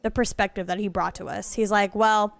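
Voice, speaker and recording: A woman's voice: mid-range voice, steady tone, quick pace, vocal fry. A woman streamer giving chatty, self-deprecating commentary on a game as she plays, laughing often. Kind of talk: casual gameplay commentary.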